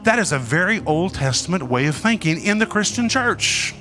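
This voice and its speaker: A man preaching a sermon with emphatic, dramatic delivery, pausing and swinging between loud and soft. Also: high voice, very animated, faint music behind.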